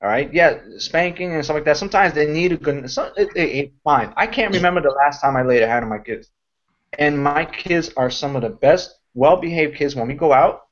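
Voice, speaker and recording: A man with a slightly high voice talks his team through leadership in a loose, rambling way. He gets animated and keeps circling back to his points. The sound is dull and lo-fi, like an online call. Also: a little fast. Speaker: network marketing mentor. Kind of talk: casual motivational talk.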